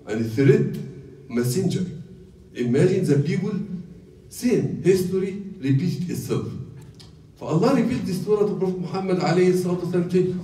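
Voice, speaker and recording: A man's voice: sits high, normal speed. A man delivering a sermon in simple non-native English, reciting Arabic verses and telling stories with growing liveliness. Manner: storytelling, grows lively when retelling accounts. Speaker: sheikh giving a talk. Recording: echoey room, voice from far off the mic.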